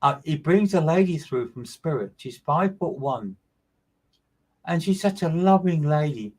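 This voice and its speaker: A man's voice: on the high side, lively intonation, unhurried, a little mellow, breathy edge. A man working as a medium, giving a live streamed reading in a repetitive, emphatic way and greeting listeners by name.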